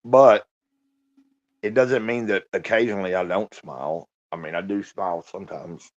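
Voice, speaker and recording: A man in his fifties talking alone on a live stream, downcast and halting, sighing and swearing often. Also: sits low. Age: 50s. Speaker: livestreamer. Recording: muffled lo-fi stream audio.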